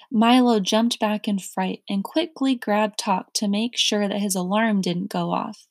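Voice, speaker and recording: A woman reading a children's storybook aloud in slow, careful narration. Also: medium pitch, dry recording. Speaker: reader.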